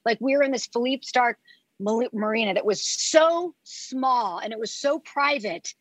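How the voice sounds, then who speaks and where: A woman with a fairly high voice chats as a podcast guest. She tells stories in a lively, animated way, packed with filler words and the odd curse. Her voice sounds dry and close. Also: measured pace, no echo, poor audio. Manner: animated storyteller, lots of "like" fillers, swears freely. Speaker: reality TV show producer, podcast guest. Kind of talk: casual chat.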